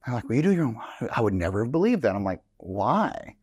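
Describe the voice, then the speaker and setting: A man's voice: on the low side, big pitch swings, fairly quick, husky, dry recording, clean studio sound. A middle-aged man telling stories in casual chat, rambling and acting out quoted dialogue. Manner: rambling storyteller, acts out quoted dialogue, swears. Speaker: podcast guest, real estate instructor.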